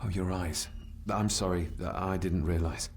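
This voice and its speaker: A man's voice: low voice, fairly even intonation, measured pace, a little hiss or hum. An actor playing a polite, wary young man in a video game.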